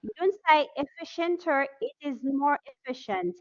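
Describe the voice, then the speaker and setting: A woman's voice: sits high, animated, moderate pace. A woman with an Arabic accent teaching an online English class, drilling students word by word and praising answers. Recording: dull, muffled lo-fi audio.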